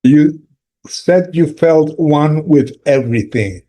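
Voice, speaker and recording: A man hosting a podcast, asking brief, calm questions. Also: on the high side, slow pace. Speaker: podcast host. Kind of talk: interview questions.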